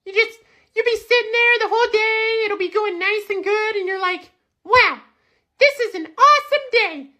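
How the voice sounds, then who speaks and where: Elmo, a squeaky foul-mouthed puppet monster. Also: male voice, normal speed, sharp tone, exaggerated voice. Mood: ranting. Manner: rambling, mock-dramatic, profane. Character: small furry red monster puppet, childlike, foul-mouthed.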